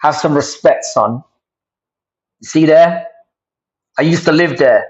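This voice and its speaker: A man's voice: fairly high pitch, takes it slowly, slightly rough. A young man, host of a casual livestream, chatting to viewers in a rambling, sweary way with many restarts. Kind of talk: casual livestream chat reacting to comments. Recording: dull lo-fi stream audio.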